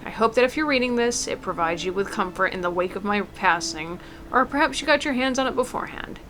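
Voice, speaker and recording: A woman reading aloud as an elderly mother, gentle and tender, with small stumbles. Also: medium pitch, expressive, quick pace, slight background noise, natural voice. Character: elderly mother writing a farewell letter. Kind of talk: reading a game letter aloud.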